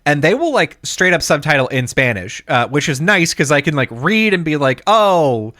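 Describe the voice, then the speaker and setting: Podcast co-host, male, slightly high voice, dry close-mic sound, rambling casual talker who restarts sentences and acts out quotes. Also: big pitch swings, normal speed, bright, forceful tone, dry recording. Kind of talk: casual chat.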